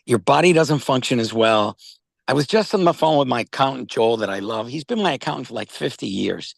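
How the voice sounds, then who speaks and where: Rambling older New man, gravelly. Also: medium pitch, expressive, brisk, no echo. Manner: rambling storyteller, repeats words, says "okay?" and "all right?" often. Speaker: company founder pitching wellness products. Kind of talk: casual video-call chat.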